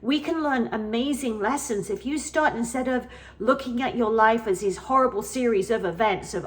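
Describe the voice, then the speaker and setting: A woman's voice: on the high side, normal speed. A middle-aged woman vlogger telling an earnest personal story in a casual, emphatic way, repeating phrases for emphasis. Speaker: spiritual vlogger.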